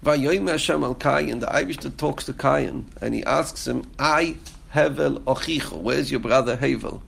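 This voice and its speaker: Male Torah teacher, gravelly voice, quotes and translates texts, presses with rhetorical questions. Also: mid-range voice, moderate pace, a bit bright. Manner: quotes verses and commentary, then translates them; rhetorical questions, repeats phrases for emphasis. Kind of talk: Torah lesson on Genesis.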